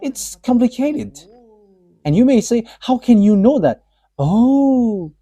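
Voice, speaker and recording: A man preaching a live sermon, halting, with many fillers and restarts and frequent chuckles. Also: very high voice, animated, warm tone, slightly rough, dry recording.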